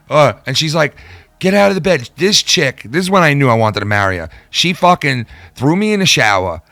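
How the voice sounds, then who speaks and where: A man hosting a casual podcast, telling profane stories in an animated way. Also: fairly high pitch, creaky, no room sound. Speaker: podcast host.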